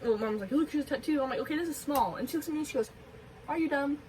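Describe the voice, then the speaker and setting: A woman's voice: high-pitched, racing, darkish tone, far from the mic, low-quality recording. A young woman in her teens chatting casually in a vlog, rambling with lots of fillers and giggly asides. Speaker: vlogger.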